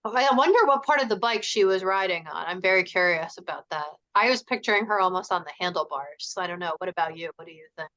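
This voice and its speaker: A woman's voice: lowish voice, lively intonation, fast, few pauses, fairly bright tone, lo-fi sound. A woman teacher reading a children's novel aloud to students, then chatting about it. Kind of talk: storybook read-aloud to students.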